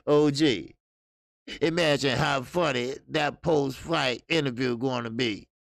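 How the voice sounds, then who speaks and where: A gravelly-voiced man hosts a boxing livestream and chats loosely with his viewers, swearing freely and laughing hard. His voice is close to the mic in a dry room. The talk rambles and keeps doubling back. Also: mid-range voice, unhurried, dry recording. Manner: loose and profane, reading out chat comments, bursts of laughter. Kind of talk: casual livestream chat.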